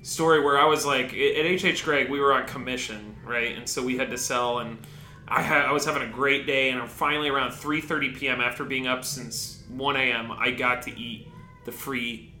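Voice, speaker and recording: A man co-hosting a casual comedic chat as an animated storyteller who swings between quiet asides and loud bursts. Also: mid-range voice, moderate pace, a little hiss or hum. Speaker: podcast co-host. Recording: echoey room.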